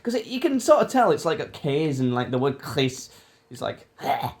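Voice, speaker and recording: A man's voice: a little high, very animated, normal speed. A young man from England hosting a casual podcast, teasing his friend and laughing often. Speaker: podcast host. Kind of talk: casual chat.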